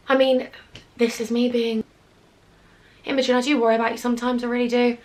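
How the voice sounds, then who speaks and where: A woman's voice: fairly high pitch, little pitch movement, fairly quick, pauses often, a little mellow. A young woman telling a personal story in a storytime vlog, emotional and rambling, with many "like"s. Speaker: vlogger.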